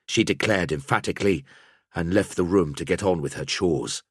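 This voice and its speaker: A man narrating an audiobook in a measured storytelling manner. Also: sits low, slightly rough, no echo, studio quality.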